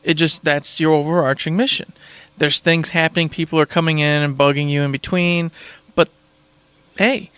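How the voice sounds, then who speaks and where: An enthusiastic man rambles through a casual podcast chat in a slightly higher voice. The sound is close and dry, with no room echo. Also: fairly even intonation, moderate pace, a bit bright, smooth. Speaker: podcast host.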